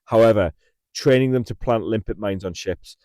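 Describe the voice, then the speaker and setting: Low-voiced man rambling in his car. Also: moderate pace, mellow, no echo. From England. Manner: rambling, repeats words, laughs often. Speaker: livestream host. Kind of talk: casual storytelling chat. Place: in a parked car. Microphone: mic in the car.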